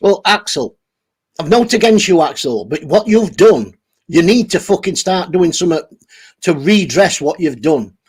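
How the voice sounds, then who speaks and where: A man's voice: high-pitched, expressive, normal speed, breathy edge. A man ranting angrily on a livestream, swearing heavily and over-caffeinated. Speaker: channel host reading live chat. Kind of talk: angry livestream rant.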